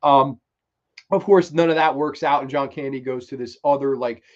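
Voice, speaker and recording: A man's voice: medium pitch, moderate pace. Enthusiastic man hosting a movie show. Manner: enthusiastic, rambling, swears freely. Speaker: movie review show host. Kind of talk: casual film countdown talk. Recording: dull lo-fi recording.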